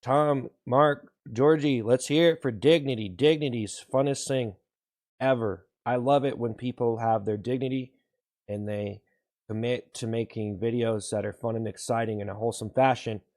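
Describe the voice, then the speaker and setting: A man hosting a livestream, shouting repeated whoops between slow, sarcastic slogans praising himself to his viewers. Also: mid-range voice, steady tone. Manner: sarcastic, ironic self-praise. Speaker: livestream host. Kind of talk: mock-hype livestream chat with viewers.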